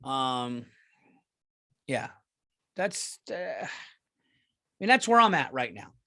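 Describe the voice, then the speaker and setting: A middle-aged man hosting a solo comedy podcast, retelling a movie with profane, animated outrage that drops to mumbling asides. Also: medium pitch, slow pace, gravelly, long pauses. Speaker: podcast host.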